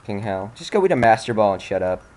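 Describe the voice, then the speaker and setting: An irritated young man talks over his gameplay in a fairly low voice. He grumbles, sighs, and swears at the game, sounding fed up throughout. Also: very animated, fast, a little mellow. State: angry, frustrated. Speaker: let's play commentator. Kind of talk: casual gameplay commentary.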